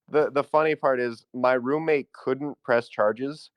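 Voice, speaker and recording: Young man telling a story with animated energy. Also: medium pitch, slow, dry recording. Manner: animated, laughing, full of "like" fillers. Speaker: podcast co-host. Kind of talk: casual storytelling chat.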